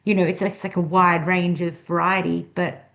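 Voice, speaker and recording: Woman host, casual interview chat, slightly low pitch, muffled lo-fi sound. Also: flat delivery, moderate pace, vocal fry. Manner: warm-up chatter, affirming fillers, filler-heavy questions.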